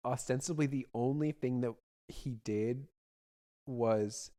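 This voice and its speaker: A man's voice: mid-range voice, slow pace, warm tone. A man co-hosting a podcast, chatting casually about a film and thinking aloud with fillers. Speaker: podcast co-host. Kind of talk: casual film-review chat.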